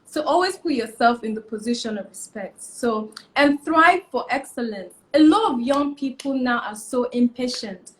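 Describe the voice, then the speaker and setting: A woman's voice: on the high side, moderate pace, few pauses. A young woman, a fashion stylist giving emphatic advice as a guest in a casual interview. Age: young adult. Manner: emphatic, repeats key points, animated.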